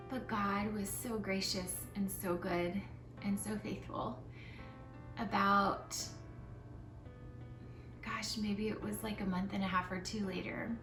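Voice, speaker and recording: A young woman vlogger telling a personal story in a soft, tearful voice, with lots of filler words. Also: mid-range voice. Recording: roomy, slightly distant mic with soft music.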